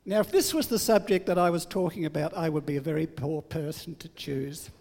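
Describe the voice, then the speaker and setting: A man's voice: on the high side, fairly quick, creaky, a little mellow, big-room sound. An older man giving a sermon, telling family stories in a humorous, self-deprecating way. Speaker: preacher.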